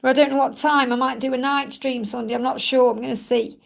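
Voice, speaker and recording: A woman with a high voice reads tarot cards for viewers on a live stream. She reassures them and repeats her points. Her voice is a bit croaky from talking a lot. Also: fairly even intonation, quick pace. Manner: reassuring, repetitive, reads viewer questions aloud. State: croaky from overuse. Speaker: tarot reader hosting a live Q&A. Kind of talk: live stream card reading.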